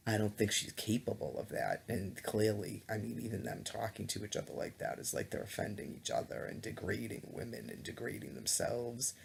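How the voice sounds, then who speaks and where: A man's voice: on the low side, brisk, vocal fry, few pauses, slight background noise. A man giving a rambling, indignant webcam monologue, full of ums, stutters and restarts, on a laptop webcam mic. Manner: hesitant, many ums and restarts; disgusted, indignant. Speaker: vlogger.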